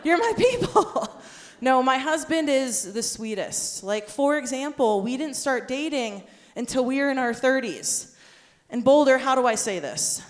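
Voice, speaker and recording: A woman in her thirties hosting a live stand-up comedy show, with high-energy crowd work and self-deprecating jokes. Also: measured pace. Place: live stage in a theater.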